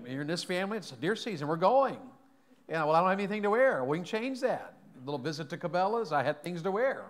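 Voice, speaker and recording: A man's voice: on the high side, very animated, fairly quick. A man preaching a sermon in a church, folksy and joking, often asking the congregation questions. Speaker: pastor. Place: church sanctuary.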